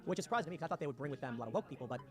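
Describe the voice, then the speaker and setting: Fast-talking sarcastic ranting man. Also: on the high side, lively intonation. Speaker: political commentator. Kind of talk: livestream commentary reading posts aloud. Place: home in West Virginia. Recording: music playing underneath. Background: music.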